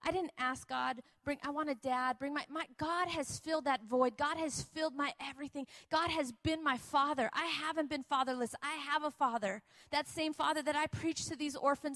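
A woman preacher and missionary telling a personal testimony in an emphatic, repetitive, animated way. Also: high-pitched. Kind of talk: testimony sermon.

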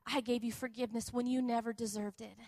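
A woman's voice: fairly high pitch, level tone, quick pace, darkish tone, dry recording, natural voice. A woman voicing God as a patient but firm male father figure who repeats his point insistently. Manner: insistent, repeats key phrases.

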